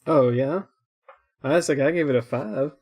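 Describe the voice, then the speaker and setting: A young man trades opinions in a relaxed co-hosted chat. He rambles, circles back on himself and breaks into laughter often, with a middle-pitched voice. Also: normal speed, creaky, breathy edge. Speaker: co-host. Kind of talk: casual chat reviewing shows.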